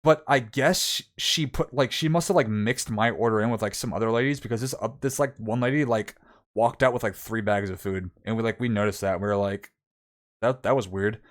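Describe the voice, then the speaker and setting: A man's voice: lowish voice, brisk. A young man streamer telling a long story in casual chat, rambling with many fillers and acting out what people said.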